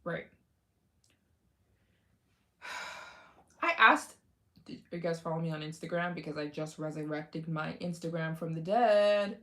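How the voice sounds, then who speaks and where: A woman's voice: low voice, slow, pauses often, fairly bright tone. A young adult woman hosting a casual livestream, chatting with viewers in a rambling way with many fillers and restarts. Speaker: livestream host.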